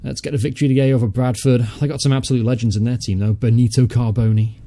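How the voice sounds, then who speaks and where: A man's voice: mid-range voice, steady tone, fast, mellow. A young man hosting a casual let's-play, chatty, thinking aloud as he goes, muttering and swearing offhandedly. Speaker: gaming channel host.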